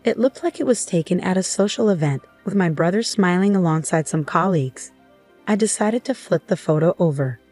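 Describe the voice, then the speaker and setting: A woman narrating a first-person story in an even, earnest scripted style. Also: fairly low pitch, a little fast. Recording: faint background music.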